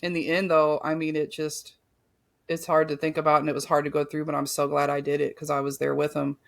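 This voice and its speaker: Gravelly young woman telling a story. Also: low voice, flat delivery, brisk. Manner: rambling, frequent "like" and "you know". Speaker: podcast guest. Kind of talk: casual personal storytelling.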